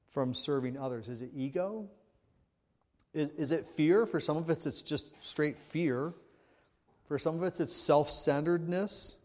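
A pastor delivering a conversational sermon, tossing in quick tag questions and pushing up for emphasis. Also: male voice, mid-range voice, darkish tone. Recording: long hall reverb.

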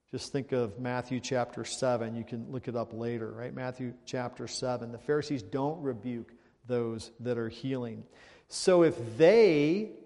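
A man's voice: mid-range voice, darkish tone, in a large hall. A man preaching a sermon in a conversational way, often checking with listeners by asking "right?". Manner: conversational, asks the listeners questions with frequent "right?". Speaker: pastor.

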